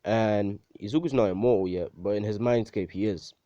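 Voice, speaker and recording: A man's voice: fairly low pitch, a little fast, mellow, dull audio. A young man casually improvising a fan fiction story, rambling and slangy, often correcting himself.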